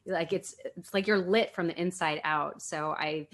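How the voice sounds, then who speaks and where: Woman host, a bit low-pitched, eager and affirming, asks thoughtful questions. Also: steady tone, normal speed, fairly bright tone. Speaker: podcast host. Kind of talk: casual interview chat.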